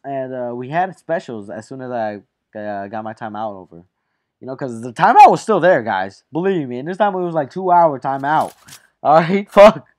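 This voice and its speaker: A boy of fourteen, medium-pitched and animated, speaks at a normal speed as he recounts an embarrassing story to his viewers. He wanders off track, curses, and keeps calling out "guys" in this casual talk to camera.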